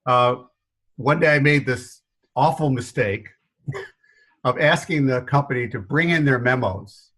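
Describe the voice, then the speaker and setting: Middle-aged guy, faint new york accent, telling stories with lots of laughs, pretty lively. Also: mid-range voice, measured pace, pauses often, rough recording. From New York area. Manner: animated, self-deprecating, laughs often. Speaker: guest consultant. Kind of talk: storytelling interview answers.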